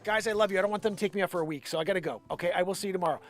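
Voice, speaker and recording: A man hosting a live stream, chatting and ranting in an excitable, profane way. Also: high-pitched, racing. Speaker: live show host. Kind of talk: live stream chat and rant. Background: faint background music.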